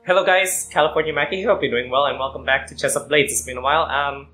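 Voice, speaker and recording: A man with a worn-out, hoarse voice casually reading a visual novel aloud for a let's play, with apologetic asides. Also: on the high side, quick pace, sharp tone. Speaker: gaming YouTuber.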